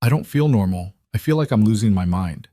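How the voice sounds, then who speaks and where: A man's voice: fairly low pitch, animated, fairly quick, mellow, dry recording, clean studio sound. A man voicing a driven woman executive who talks in a clipped, defensive way in a story reading.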